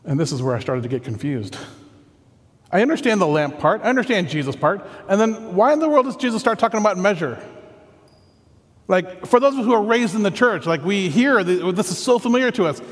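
A man's voice: high-pitched, expressive, a little fast. A man preaching a sermon as pastor, earnest and conversational, thinking aloud as he goes. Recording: long hall reverb.

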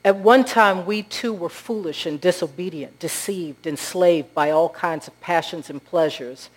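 A woman preaching a sermon with a somewhat low voice. She speaks earnestly and tells stories, pausing on rhetorical questions. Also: low-quality recording.

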